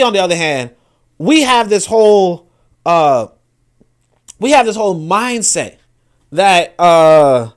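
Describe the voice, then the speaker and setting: A man with a high voice hosts a podcast, offering animated, profane, casual political commentary. He often repeats words as he restarts his sentences.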